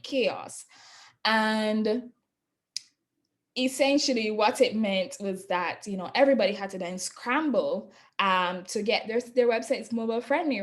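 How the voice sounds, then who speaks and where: Woman giving a webinar on a video call, higher voice, chatty and laughing, keeps saying right. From not from Jamaica. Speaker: webinar presenter on digital marketing. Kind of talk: casual online presentation.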